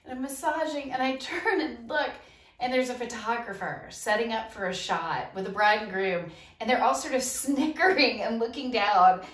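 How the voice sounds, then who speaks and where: A woman's voice: on the high side, moderate pace, a bit bright. A woman hosting a casual talk and telling her own funny stories, laughing often mid-sentence. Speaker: laughter coach and host. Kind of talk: casual storytelling. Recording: echoey room, mic set at a distance.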